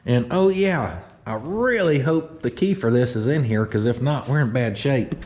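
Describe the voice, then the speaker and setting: Chatting jokingly as he restores an old car in a shop, this vlogger has a mid-range, somewhat dark voice delivered animatedly at a moderate speed. He's folksy and casual, and he talks directly to his car.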